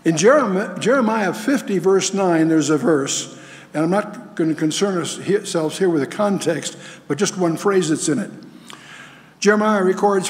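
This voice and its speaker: A man's voice: sits high, moderate pace. A man giving a lecture-style Bible teaching with slides, emphatic and full of rhetorical questions and restarts. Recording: long hall reverb.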